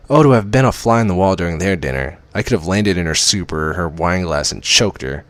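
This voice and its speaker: A man reads a first-person romance story aloud, lifting his questions and outbursts with dramatic emphasis. His voice is very low, and the sound is close and dry. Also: animated, fairly quick, a bit bright, dry recording. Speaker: reader.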